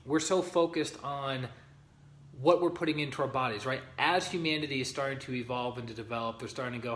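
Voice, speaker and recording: A man with a mid-range voice leads a spiritual teaching session in a relaxed, conversational way. He reads passages aloud, stops to greet people by name, and keeps asking whether they follow. The sound carries a roomy echo. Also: medium pitch, brisk. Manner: conversational, greets viewers by name, checks in with "okay?" and "right?". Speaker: spiritual teacher leading a group. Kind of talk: informal livestream teaching, reading aloud from a book.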